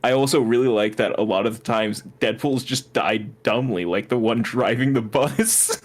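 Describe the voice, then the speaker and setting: A man co-hosting a podcast, excitedly recapping a movie and acting out the characters' lines. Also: mid-range voice, moderate pace. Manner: animated, laughing, jumps into quoted voices. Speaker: podcast co-host. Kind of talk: casual chat recapping a movie.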